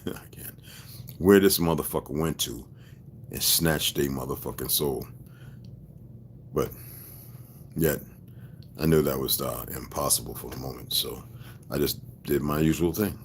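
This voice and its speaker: This video blogger's voice is very deep and low, with slight background noise in the clip. His monologue is personal and meandering, full of profanity and emphatic, conspiratorial ranting aimed straight at his listeners, whom he repeatedly checks on to see if they're keeping up.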